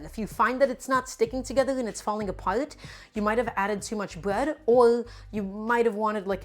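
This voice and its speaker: Chatty New York woman teaching cooking. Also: mid-range voice. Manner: chatty and explanatory, often calls viewers "my friends". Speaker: cooking streamer. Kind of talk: casual live cooking demonstration.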